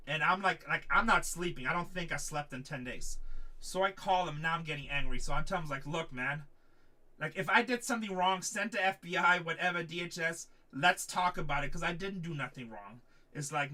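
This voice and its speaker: Bright-voiced man telling a story at a distance. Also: fairly high pitch. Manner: animated, emphatic retelling with quoted dialogue. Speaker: card break host. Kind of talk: casual storytelling. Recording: voice a little distant from the mic.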